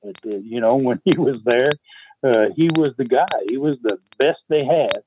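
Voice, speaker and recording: An older man telling wrestling-era stories as a podcast guest, rambling and halting, with chuckles and fillers. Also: medium pitch. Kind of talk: casual storytelling. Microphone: phone call. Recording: tinny phone line with faint hiss.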